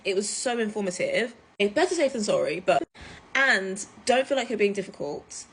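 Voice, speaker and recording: A woman from the UK, telling a story to camera in a chatty, animated way, full of fillers. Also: medium pitch, normal speed, slightly rough. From United Kingdom. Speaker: vlogger. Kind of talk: casual storytime vlog.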